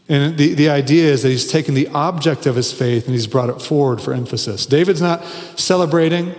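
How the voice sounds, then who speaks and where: A man's voice: fairly high pitch, moderate pace. A man in his forties preaching a sermon, earnest and building to emphatic, repeated phrases. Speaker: pastor. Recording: long reverb of a large hall.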